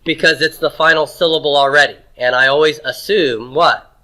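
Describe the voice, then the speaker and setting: Guy teaching a class, bright voice, keeps asking questions and joking. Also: on the high side, steady tone, normal speed, rough recording. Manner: drills pronunciation, asks the class questions, folksy jokes. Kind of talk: classroom lecture.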